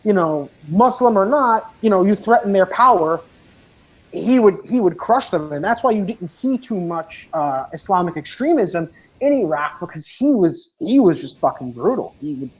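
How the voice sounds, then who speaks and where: A woman chatting casually in an online voice lobby, blunt and profane, getting animated as she talks. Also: on the low side, normal speed, rough recording. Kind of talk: casual voice chat.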